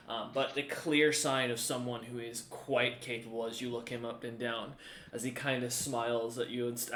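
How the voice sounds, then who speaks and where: A man's voice: mid-range voice, a bit bright, slight background noise. Male game master, rambling scene narration, echoey room. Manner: rambling, halting description with fillers.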